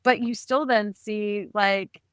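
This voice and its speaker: A woman of middle pitch speaks as a podcast guest, recounting her family history with lively, animated delivery. Her voice sits close and dry on the mic with no room around it. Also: takes it slowly, smooth, no room sound. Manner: animated, acts out quoted dialogue. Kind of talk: conversational storytelling.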